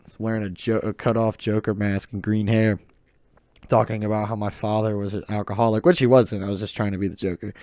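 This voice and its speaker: Speaking close into a desk mic, this teenage boy with a Southern accent runs his own podcast, wandering from topic to topic, laughing and teasing himself. The voice is lowish and darkish, level and brisk, and the recording is dry.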